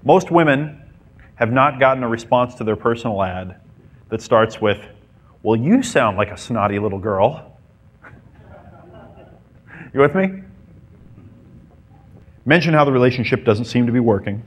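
A man's voice: medium pitch, measured pace, long pauses, husky. A man giving a playful dating-advice talk to a live group, acting out little scenes as he goes. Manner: playful, mimics women and acts out scenes. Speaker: dating coach.

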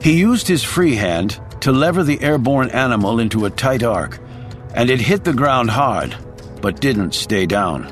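A man narrates an action thriller in a dramatic storytelling voice, his pitch rising and falling widely. His voice sits at a middle pitch over soft music playing underneath. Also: big pitch swings, a little slow. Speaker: audiobook narrator.

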